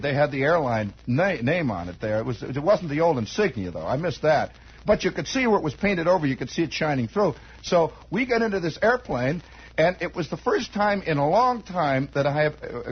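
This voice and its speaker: A man's voice: fairly high pitch, breathy edge. A man hosting a 1960s radio show, spinning a rambling comic story and acting out bits of it. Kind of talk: improvised radio monologue. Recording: dull lo-fi 1960s radio broadcast.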